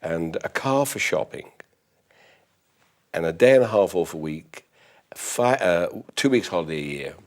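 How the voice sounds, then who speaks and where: An older man from London's East End with a softened London accent, a toastmaster who runs a butler school, answering interview questions in a polite, precise and formal way. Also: low-pitched, lively intonation, measured pace, long pauses.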